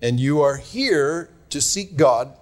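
A male pastor preaching to his congregation in an earnest, admonishing way. His voice sits a little high for a man. He stretches out the words he wants to land. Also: lively intonation. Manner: earnest, admonishing, drawn-out emphasis. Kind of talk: sermon.

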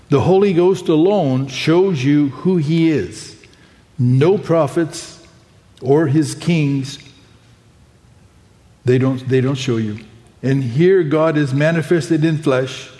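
A man's voice: a little high, warm tone. Preacher man in a reverberant hall. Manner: reads quoted passages aloud and breaks in with exclamations like "oh my". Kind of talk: sermon reading from a printed message.

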